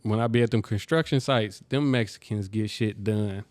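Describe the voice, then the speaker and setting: A man's voice: on the low side, moderate pace, darkish tone, no room sound. A man hosting a podcast in casual chat, loose and slangy, laughing often. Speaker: podcast host.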